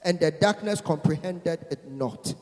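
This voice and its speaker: A man preaching a sermon, emphatic, swinging from loud shouted peaks to low quiet lines, leading the congregation in call-and-response. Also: a little slow, big-room sound. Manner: emphatic, builds to shouting then drops low.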